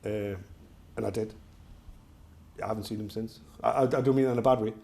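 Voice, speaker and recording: This middle-aged self-defence instructor, speaking with a Geordie accent from North East England, tells his class jokey, rambling stories in casual, anecdote-filled talk. His lowish voice is creaky and dark, steady in tone and fairly quick.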